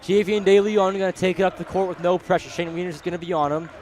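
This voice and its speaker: A young man calling a high school basketball game play-by-play, partisan and excitable, shouting on big plays. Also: fast, noisy background. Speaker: play-by-play commentator. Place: school gymnasium.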